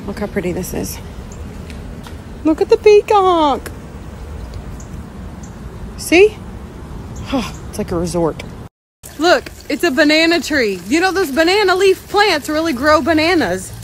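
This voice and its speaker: A woman chatting excitedly in a casual vlog, gushing and upbeat, filmed on a phone indoors and outdoors. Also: high voice, moderate pace, a little hiss or hum, poor audio. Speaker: vlogger.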